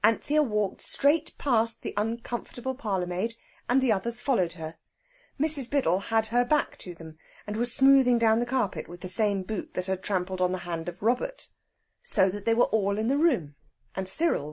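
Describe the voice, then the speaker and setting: A woman narrating a children's audiobook with an expressive, animated reading. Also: mid-range voice, normal speed.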